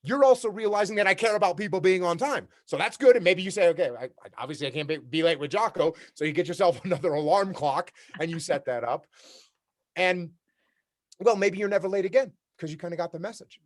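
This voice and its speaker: Man, keynote speaker, fairly high voice for a man, blunt and plain-spoken, acts out workplace exchanges. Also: fairly quick. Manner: direct, repetitive, acts out workplace dialogues. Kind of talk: leadership keynote talk. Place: remote talk for a virtual summit.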